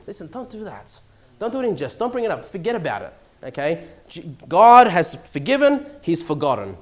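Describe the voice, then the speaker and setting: An Australian pastor preaching a sermon in church, animated, swinging from loud emphasis to hushed asides and chuckling now and then. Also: male voice, fairly high pitch, a little fast.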